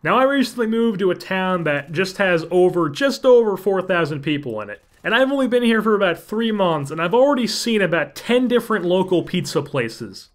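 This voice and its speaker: A man's voice: sits high, sing-song, brisk, few pauses. A young man in his late teens from Central New Jersey, with a Jersey accent, telling joking stories as a gaming channel commentator. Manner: joking, sarcastic asides, rising emphasis. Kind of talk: casual storytelling over gameplay.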